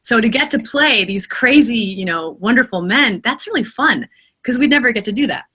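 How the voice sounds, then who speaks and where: A woman who narrates audiobooks, answering interview questions in an expressive, animated way. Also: on the high side, moderate pace, slightly rough.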